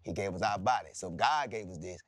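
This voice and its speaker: A man with a lowish voice and a dry, close sound, speaking as a comedian guest on a talk panel. He talks in plain, preachy street-level straight talk, laying out his view without polish. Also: lively intonation, quick pace, a bit bright, dry recording. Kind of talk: casual panel chat.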